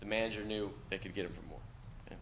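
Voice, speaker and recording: A man's voice: on the low side, steady tone, very fast, a bit bright. A middle-aged man giving a casual classroom lecture, talking to students in a blunt, conversational way and tagging lines with "okay?". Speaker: university lecturer.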